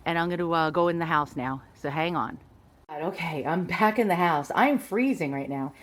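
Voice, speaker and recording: A woman's voice: lowish voice, moderate pace, fairly bright tone. A woman with a New York accent chatting casually while showing a vintage teddy bear, hesitant and full of fillers, filming on a handheld phone. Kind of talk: casual show-and-tell vlog. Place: outdoors, then indoors at home.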